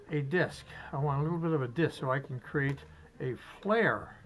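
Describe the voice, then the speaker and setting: A man demonstrating fly tying step by step, chatty and relaxed, talking to himself as he works. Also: on the high side, low-quality recording. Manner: chatty, talks to himself while working, chuckles.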